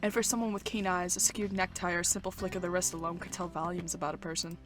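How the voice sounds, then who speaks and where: Woman reading a detached young loner guy in a game, quiet dry narration, faint music behind. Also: fairly low pitch, little pitch movement, quick pace, voice pushed down, lightly acted. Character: aloof young man, watchful loner.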